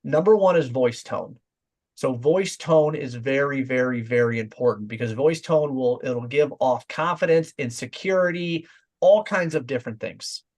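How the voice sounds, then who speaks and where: A man giving a sales training talk, direct and confident, acting out quick example lines to show voice tone. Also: medium pitch, a little mellow. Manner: direct, demonstrates voice tones in quoted examples.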